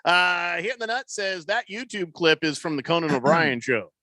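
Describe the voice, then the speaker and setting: A man's voice: fairly high pitch, expressive, moderate pace, sharp tone, no echo. A man hosting a sports radio show in casual chat, rambling loosely with plenty of fillers and restarts. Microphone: studio microphone.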